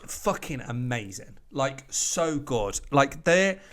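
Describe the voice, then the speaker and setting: A man's voice: medium pitch, slow. Sweary, rambling British man. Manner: sweary, rambling, animated quoting. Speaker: podcast co-host. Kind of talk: casual chat.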